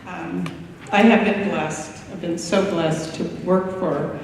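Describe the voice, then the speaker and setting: Slow, halting older woman in an echoey hall. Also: fairly low pitch, steady tone, far from the mic, noisy background. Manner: emotional, grateful, slow and halting with many pauses. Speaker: retiree giving a farewell speech. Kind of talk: retirement party speech.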